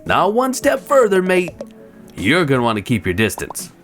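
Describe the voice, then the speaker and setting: A game streamer voicing a prickly, lonely sea urchin in a video game, speaking in a gruff, slangy, brusque way. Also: medium pitch, wildly swooping pitch, normal speed, faint music behind, voice pushed up. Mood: warning.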